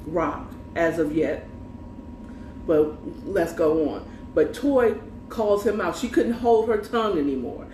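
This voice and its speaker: Slow-talking woman, echoey room. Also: on the low side, slight background noise. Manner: animated, quotes characters, swears freely. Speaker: host recapping a story. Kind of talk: casual recap with quoted lines. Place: home room. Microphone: earbuds with mic. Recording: echoey room, slightly distant mic.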